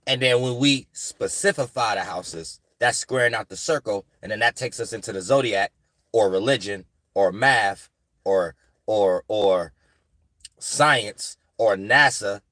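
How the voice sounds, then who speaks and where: A man's voice: on the low side, unhurried, bright, forceful tone, dry recording. Rambling man with a dry close sound. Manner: rambling, repeats "you know what I'm saying". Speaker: astrology channel host. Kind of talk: casual spiritual monologue.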